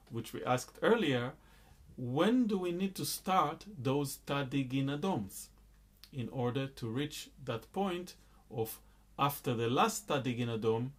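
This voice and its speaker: Middle-aged guy teaching rhythm, calm patient explaining, lots of uh's, chants syllables. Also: mid-range voice. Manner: patient, explanatory, with frequent uh fillers. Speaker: music teacher. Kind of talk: rhythm lesson with spoken syllables and counting.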